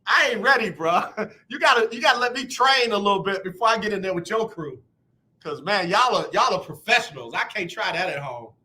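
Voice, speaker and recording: Male radio host, casual talk, high bright voice, animated delivery. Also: fairly quick. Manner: animated, acts out both sides of talks.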